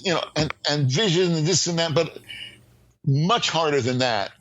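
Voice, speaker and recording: An older man, a screenwriting professor, talking as a podcast guest in an animated, emphatic storytelling way with frequent fillers and restarts. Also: a little high, moderate pace, highs cut off. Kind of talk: podcast interview.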